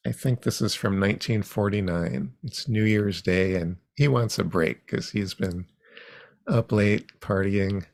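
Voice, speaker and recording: A man teaching an online comics workshop over a video call, unhurried and halting, with frequent ums. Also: on the low side, creaky, darkish tone, dry recording, studio quality.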